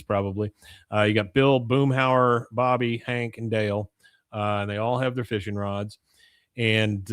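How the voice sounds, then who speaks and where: A man's voice: on the low side, clean tone, no echo, studio quality. A man co-hosting a podcast, casually recapping a cartoon episode scene by scene and acting out quoted lines, with plenty of "uh" fillers. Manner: storytelling, acts out quoted lines, frequent filler "uh". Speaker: podcast co-host.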